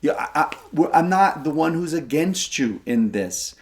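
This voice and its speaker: A man in his forties co-hosting a scripture podcast, talking casually and getting animated as he paraphrases verses. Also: normal speed. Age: 40s. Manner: animated, jumps up in pitch when voicing God's kindness. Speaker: co-host of a scripture study podcast.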